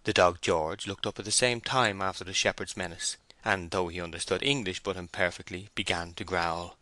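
A man reading a classic novel aloud in a measured, deliberate narration. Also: low voice, fairly even intonation, sharp tone, no room sound. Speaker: audiobook reader.

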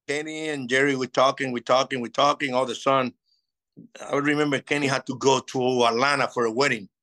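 A man in his fifties, a native Spanish speaker, telling lively stories in a casual interview and acting out old conversations. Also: mid-range voice, brisk, low-quality recording. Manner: animated, acts out past dialogue. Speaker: interview guest.

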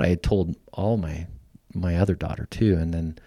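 A middle-aged man, a podcast guest, telling a personal story in a lively way and acting out the lines of the people in it. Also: low-pitched, normal speed, no room sound, studio quality. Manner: lively storyteller who acts out quoted lines. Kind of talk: storytelling in casual conversation.

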